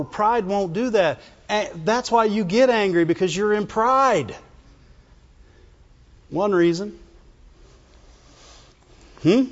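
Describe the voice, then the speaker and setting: Male preacher, high voice, chatty sermon style, dull recording, long church reverb. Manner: conversational, asks the congregation questions, animated pitch jumps.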